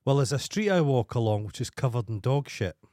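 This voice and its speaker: A Scottish man with a Dundee accent, co-hosting a casual comedy podcast and telling rambling, crude stories with deadpan humour. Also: mid-range voice, brisk, no echo, clean studio sound. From Scotland. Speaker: podcast co-host.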